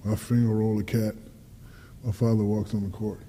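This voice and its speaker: A fairly low-pitched male voice at a moderate pace, with a little hiss or hum in the recording. The speaker is a guest athlete in his fifties, chatting in a casual interview, telling stories with gusto, acting out conversations and swearing liberally.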